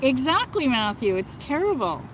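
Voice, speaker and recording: A woman with a fairly high voice chats indignantly on a casual livestream, answering her viewers as she goes. Her speech is loose and full of "like" and "you know". Faint outdoor noise stays in the background. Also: big pitch swings, moderate pace, poor audio. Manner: chatty and indignant, with many fillers like "like" and "you know". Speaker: livestream host. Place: outdoors, within earshot of birds and thunder.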